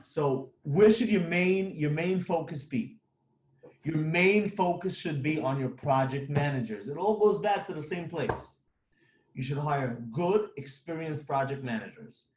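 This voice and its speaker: A man's voice: fairly high pitch, lively intonation, unhurried, darkish tone, roomy sound, slight background noise. A man who runs a construction company giving blunt, emphatic business advice, repeating his points.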